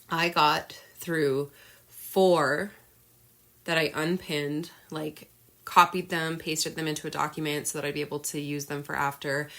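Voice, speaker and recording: A woman's voice: low voice, creaky, fairly bright tone. A woman podcast host candidly retelling a personal story in an emotional monologue, with many fillers.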